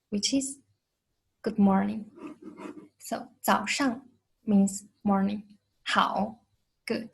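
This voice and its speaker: A woman's voice: mid-range voice, extremely slow, gravelly, pauses often, breathy edge, rough recording. A woman with a Chinese accent teaching a beginner lesson, patiently repeating each sound twice. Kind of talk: slow, careful language lesson.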